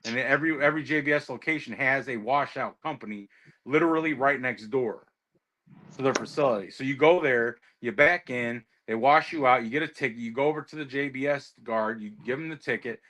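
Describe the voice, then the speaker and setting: A man's voice: mid-range voice, brisk, sharp tone. A man who drives trucks, chatting casually and telling stories while swearing heavily. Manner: heavy swearing, ranting storyteller. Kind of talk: casual chat.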